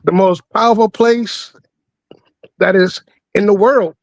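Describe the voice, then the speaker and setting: Slow easygoing dude chatting with friends, dry sound. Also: male voice, high voice, fairly even intonation, no room sound, rough recording. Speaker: guest. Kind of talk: casual group chat.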